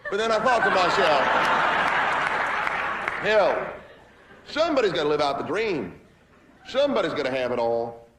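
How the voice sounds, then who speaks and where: A man's voice: on the high side, big pitch swings, normal speed, pauses often, roomy sound, crowd noise, background noise. An actor playing a smug, boastful rich man in a stage monologue. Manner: boastful, self-justifying. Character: smug self-satisfied rich man, adult.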